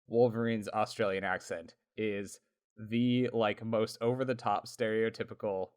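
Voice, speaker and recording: A man's voice: lowish voice, fairly even intonation, unhurried, clear, resonant tone. Chatty man laughing through podcast banter. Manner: chatty, laughs often, lots of fillers. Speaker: podcast co-host. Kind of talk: casual podcast chat.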